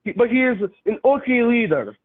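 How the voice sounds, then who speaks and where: A man, calling in and answering in halting, broken English. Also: very high voice, sing-song, noisy background. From Russia. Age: 30s. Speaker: caller. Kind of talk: call-in conversation. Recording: tinny phone line.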